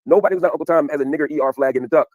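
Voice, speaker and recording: A man explaining his side of a television exchange in an emphatic, animated way. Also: on the high side, rapid-fire, dry recording, dull audio. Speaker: commentator explaining a TV appearance. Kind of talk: fast explanatory commentary.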